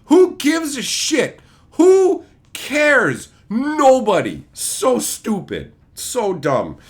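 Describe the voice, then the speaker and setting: A man's voice: very high voice, wildly swooping pitch, drawn-out words. A young man streamer ranting in a sarcastic, profane, mocking way. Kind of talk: ranting commentary.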